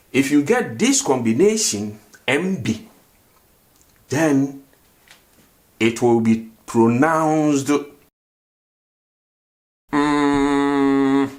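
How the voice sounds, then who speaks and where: A man teaching a grammar lesson, who asks questions and answers them himself and repeats words for drill. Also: medium pitch. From Ghana. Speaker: language teacher.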